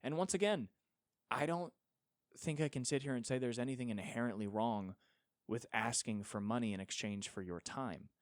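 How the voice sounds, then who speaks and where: A man's voice: medium pitch, normal speed, dry recording, studio quality. A young man hosting a solo podcast, ranting with sarcasm and profanity and mocking others in put-on voices. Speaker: podcast host.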